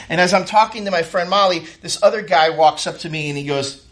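A man's voice: sits high, a little fast. A man telling a comic story on stage, acting out what others said. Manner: animated, acts out quotes of others. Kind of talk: stand-up storytelling. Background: audience laughter.

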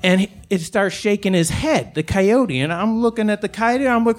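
A man from Chicago tells a funny story in a loose, rambling, swearing style. His voice sits a bit high for a man, and he talks with lively energy. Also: moderate pace. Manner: rambling, profane, animated. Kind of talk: live comic storytelling.

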